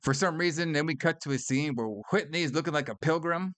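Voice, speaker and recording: A man co-hosts a laid-back film review podcast, swearing freely, laughing often and leaning on "all right" and "brother." His voice is on the high side, fairly quick and a bit bright, with no room sound.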